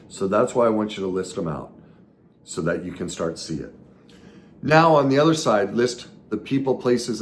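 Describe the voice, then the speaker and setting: A recovery coach with a very low voice hosts a solo podcast, teaching in an earnest, coaching manner. He bursts into emphatic stretches and then drops quiet, with faint background noise beneath the recording.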